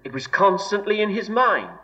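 A man preaching an expository sermon in a slow, measured way, weighing each word with deliberate emphasis. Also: sits high, big pitch swings, pushed and bright. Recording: dull lo-fi recording.

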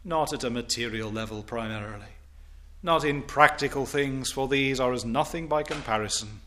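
A man preaching a sermon in formal, old-fashioned diction, building to loud, emphatic declamation as he reads scripture. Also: medium pitch, a little hiss or hum.

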